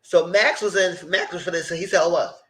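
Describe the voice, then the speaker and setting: A man's voice: high-pitched, steady tone, a little fast, pushed and bright. A man hosting a reality TV recap, retelling scenes in a loose, rambling way with quoted asides. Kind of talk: casual recap commentary.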